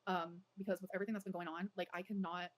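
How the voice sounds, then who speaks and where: Fast-rambling woman livestreamer. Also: lowish voice, little pitch movement. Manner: rambling, heavy use of "like". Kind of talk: casual livestream chat.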